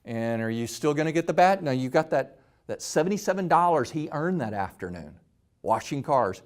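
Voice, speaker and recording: A middle-aged man hosting a talk, telling a personal story with animated quotes. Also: a little high, moderate pace. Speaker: host.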